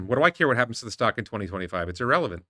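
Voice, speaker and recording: Very fast and very animated, the Thai-based investing-show host speaks in a fairly low, sharp voice during his livestream from home. He rattles off opinionated, meandering commentary and disbelieving rhetorical questions as he responds to chat. The recording is dry and studio quality.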